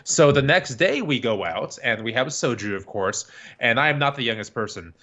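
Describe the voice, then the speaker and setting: A man's voice: mid-range voice, fairly quick, dull audio. A man co-hosting a podcast, telling stories in casual chat and often stumbling over repeated words as he starts. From United States. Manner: animated storyteller, repeats words when starting. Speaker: podcast co-host.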